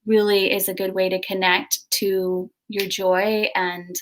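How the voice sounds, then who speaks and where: A middle-aged woman hosting a casual video chat, telling a story in an animated way with halting restarts. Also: medium pitch. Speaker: host.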